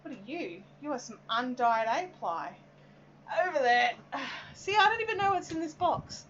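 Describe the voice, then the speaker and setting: A high-voiced Australian woman with big pitch swings talks at a moderate pace through a casual live craft stream, rambling while she works and reading viewer comments, with lots of "um"s. Her tone is a bit bright, though the highs are cut off, and slight background noise is present.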